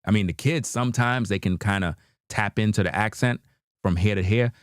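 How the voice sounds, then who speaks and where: Deep-voiced New man chatting. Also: a little fast, clean tone, dry recording, clean studio sound. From New York. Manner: laid-back slang, frequent "you know what I mean", chuckling. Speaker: livestream host reacting to videos. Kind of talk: casual livestream chat.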